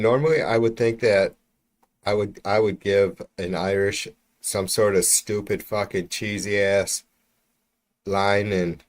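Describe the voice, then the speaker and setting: Profane rambling male livestreamer, low voice. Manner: rambling, profane, chatting to viewers. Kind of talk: casual livestream chat. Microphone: mic about an arm's length away.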